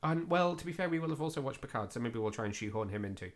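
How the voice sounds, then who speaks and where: A man's voice: medium pitch, animated, racing. A man hosting a casual podcast, reviewing a film in a chatty, self-deprecating way with plenty of fillers. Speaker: podcast host.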